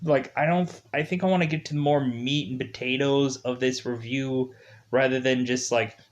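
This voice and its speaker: A man talks through a film review in a loose, chatty way. He circles back on himself, leans on filler words, and jumps his pitch up when something excites him. His voice sits at an ordinary middle height for a man. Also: normal speed, muffled recording. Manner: rambling, filler-heavy, animated. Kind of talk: casual spoken movie review.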